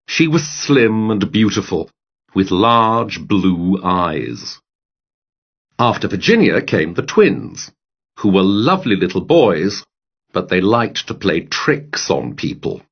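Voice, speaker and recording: A man narrating an audiobook story in a measured storytelling manner. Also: on the low side, slightly rough. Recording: dull lo-fi audio with faint music.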